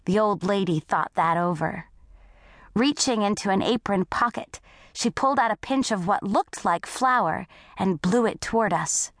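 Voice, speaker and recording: A woman narrating a first-person audiobook story in a scripted, unhurried way. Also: medium pitch, no echo, clean studio sound.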